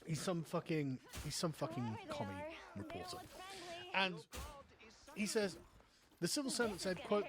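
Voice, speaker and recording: English guy ranting live on stream, lots of swearing and sarcasm, high voice that jumps all over. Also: big pitch swings, normal speed. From England. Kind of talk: ranting political commentary.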